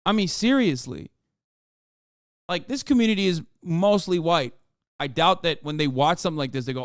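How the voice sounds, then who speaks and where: A man's voice: a little high, lively intonation, moderate pace, dry recording, studio quality. A man streaming a reaction, commenting in an exasperated, profane rant. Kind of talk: casual livestream reaction commentary.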